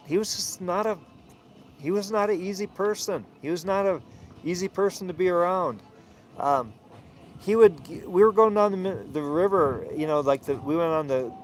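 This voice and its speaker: Rambling sailor man, high voice. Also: a little mellow, a little hiss or hum. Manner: rambling, many fillers and restarts. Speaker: vlogger and sailor. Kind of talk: casual rambling talk. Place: outdoors.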